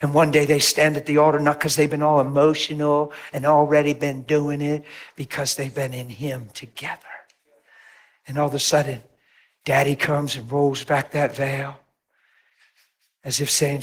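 Animated preaching man. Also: normal speed. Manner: animated storytelling, acts out voices with big pitch jumps; drops to a near whisper for emphasis. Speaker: pastor. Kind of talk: sermon.

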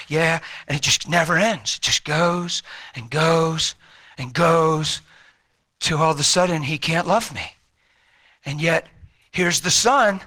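A male preacher delivering a fervent, exhorting sermon, rising to shouts and then falling low and intense. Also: animated, normal speed, pauses often.

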